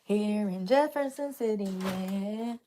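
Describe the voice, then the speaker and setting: A woman's voice: medium pitch, slow, warm tone, a little hiss or hum. A young woman vlogging to camera in casual chat, chatty and joking, swearing freely.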